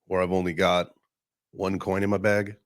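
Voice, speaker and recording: A man's voice: low voice, level tone, normal speed, no echo, studio quality. A young man hosting a casual crypto podcast chat, talking loosely with some cursing. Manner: loose, profane banter. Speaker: crypto show host.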